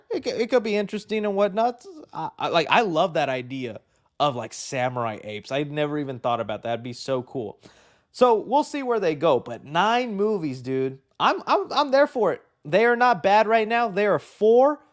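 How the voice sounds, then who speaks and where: Excitable, rambling man hosting a live show. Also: on the high side. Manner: excitable, rambling, many fillers. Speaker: host of a movie news live show. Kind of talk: casual live-stream chat.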